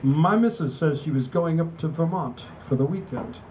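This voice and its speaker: A man's voice: fairly high pitch, animated, normal speed, a little mellow, slight background noise, pitched above the performer's own voice, close to an everyday voice, low-quality recording. A man reading aloud and voicing a breezy, chummy British rugby teammate with a British accent. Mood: teasing. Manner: chummy, teasing, upbeat. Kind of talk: live reading of a novel.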